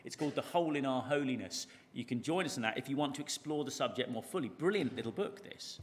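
A man preaching a sermon to a church congregation, animated, stretching key words out for emphasis and asking rhetorical questions. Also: mid-range voice, fast talker. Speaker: pastor. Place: church service, large room. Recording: long church reverb.

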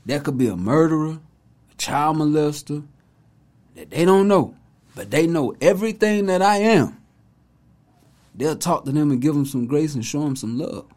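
A man's voice: fairly high pitch, lively intonation, normal speed, long pauses, darkish tone. A man hosting a casual commentary video, talking in an emphatic, preachy, conversational way. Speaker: host, commentator.

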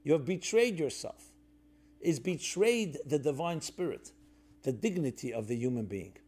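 A man giving a reflective sermon-style talk, conversational with fillers and restarts, dropping to a soft low voice when telling stories. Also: lively intonation, normal speed, breathy edge.

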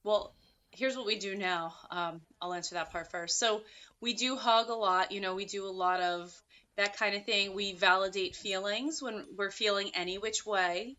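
A woman's voice: mid-range voice, moderate pace, pushed and bright. A woman talking as a podcast guest in a casual interview, earnest and thinking aloud with many fillers. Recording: muffled lo-fi audio.

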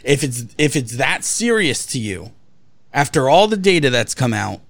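A man's voice: mid-range voice, big pitch swings, normal speed, creaky, no echo. A man co-hosting a casual podcast chat, blunt and profane with strong opinions. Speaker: podcast co-host.

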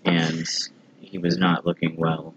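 A calm, matter-of-fact speaker joining a casual podcast chat. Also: rumbling low, slow pace, muffled recording, background noise.

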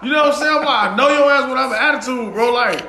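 A man co-hosting a podcast, telling animated stories in casual chat, acting out what people said and laughing often. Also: very high-pitched, quick pace, reverberant. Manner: animated storytelling with acted-out quotes and frequent laughter. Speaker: podcast co-host.

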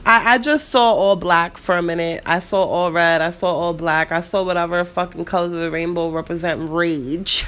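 A young woman with a New York City accent, rambling through a story in a casual, animated way and swearing freely. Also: on the low side, normal speed, few pauses. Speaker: vlogger.

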